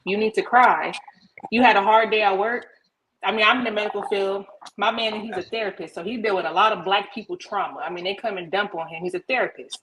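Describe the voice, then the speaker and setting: A woman's voice: medium pitch, fairly even intonation, brisk, noisy background. A woman co-hosting a podcast, talking bluntly and emphatically with plenty of profanity in a casual debate. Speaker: podcast co-host.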